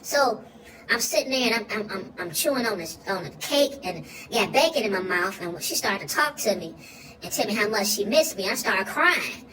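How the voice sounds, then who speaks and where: A woman's voice: mid-range voice, expressive, moderate pace, distant mic, noisy background, natural voice. A woman playing a goofy, food-loving young boy, rambling through a comic monologue with slang and sudden squealing outbursts.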